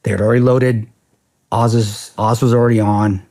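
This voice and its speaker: A man's voice: on the low side, level tone, normal speed, dark tone. A middle-aged man, a podcast guest, telling a story bluntly and casually, profane and rambling with restarts.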